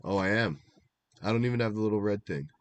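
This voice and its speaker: A young man co-hosting a casual stream recap, rambling and animated, laughing at himself as he goes. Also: fairly low pitch, fast talker, dry recording. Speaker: draft league recap co-host.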